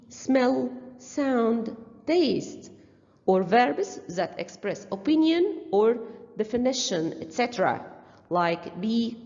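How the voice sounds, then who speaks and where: Woman, grammar teacher, slow and lively in pitch, dull lo-fi recording with long reverb. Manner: slow, deliberate, spelling out letters and listing examples. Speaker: language teacher. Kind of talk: grammar lesson narration.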